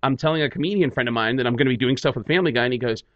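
A male comedian and voice actor, guest on a talk show, telling stories with lively energy and slipping into voices. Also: mid-range voice, racing, no room sound, dull audio. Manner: lively, acts out every quote in voices. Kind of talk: animated storytelling on a talk radio show.

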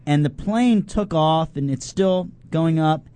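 A man, a podcast co-host, telling an excitable story in casual chat, laughing and shouting out the punchlines. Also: fairly high pitch, a little slow, smooth, no echo. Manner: excitable, laughing storyteller who yells out acted quotes.

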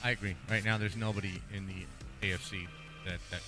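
A man co-hosting a sports talk show, laid-back and quick with banter. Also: low voice, little pitch movement, over music. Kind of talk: casual sports chat.

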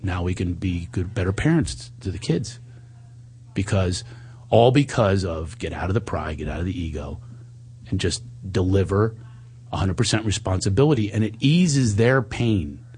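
A man with a husky voice tells a personal story openly in conversation, animated and at a moderate pace. He sometimes mimics himself in higher voices and lowers to a soft hush at tender moments.

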